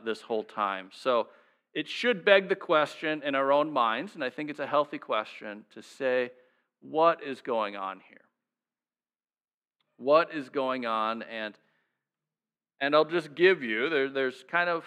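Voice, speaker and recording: A man preaching from the pulpit with a bright, forceful tone and a slightly high pitch for a man. He talks to the congregation casually and keeps throwing rhetorical questions at them. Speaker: pastor. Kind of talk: sermon.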